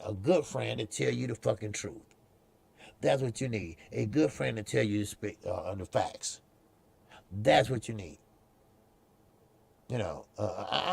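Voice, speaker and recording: A boxing show host with a gravelly, medium-pitched voice runs a casual live-stream, rambling, swearing and repeating himself as he goes. The recording is dry.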